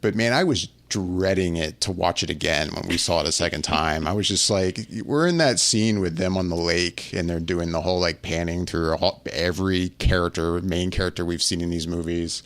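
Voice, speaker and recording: A man with a very low, deep voice leads a relaxed film chat. He gets emotional and rambles, restarting his sentences often as he talks about scenes that moved him. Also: normal speed, few pauses. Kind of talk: casual film discussion.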